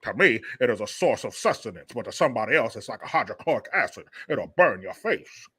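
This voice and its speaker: A man's voice: medium pitch, big pitch swings, sharp tone, breathy edge, voice pushed down, heavily acted. A man putting on a drawling old senator. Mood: smug drawl. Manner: slow mumbling drawl. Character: drawling old Southern male senator, smug and grotesque.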